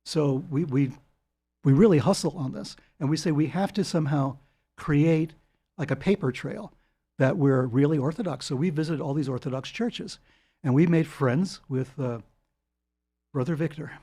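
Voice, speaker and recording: An older man, telling long anecdotes as a guest in an interview, animated and chuckling. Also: a little high, moderate pace, slightly rough. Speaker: guest author. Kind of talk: storytelling interview.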